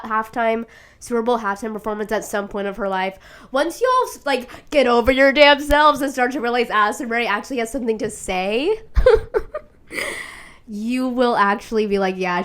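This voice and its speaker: A young woman hosts a casual solo talk-show podcast, sick and tearful as she delivers her monologue. She swears freely, laughs through her tears, and grows loud and shrill as she gets carried away.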